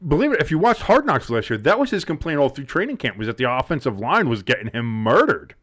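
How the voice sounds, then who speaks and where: A man with a New Jersey accent co-hosting a live sports show, talking in a rambling, excitable way with many restarts. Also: on the high side, fast talker. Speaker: sports podcast co-host. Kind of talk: casual live draft chat.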